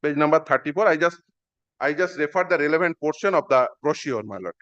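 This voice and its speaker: A petitioner argues his case in court, formal and deferential, repeatedly addressing the bench as "my lord." His smooth, slightly high voice is a bit bright and a little fast. The live-stream audio comes across dull and muffled.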